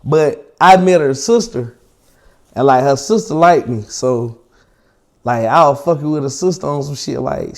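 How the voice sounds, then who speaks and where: A young man, an interview guest, telling a long personal story in slangy, profane, animated casual talk. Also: mid-range voice, measured pace, gravelly.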